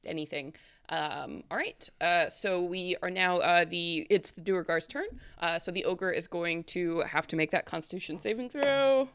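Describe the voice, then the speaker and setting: A woman's voice: on the low side, moderate pace, clear, resonant tone, dry recording, studio quality. A woman narrating a tabletop game as game master, describing the action with frequent fillers.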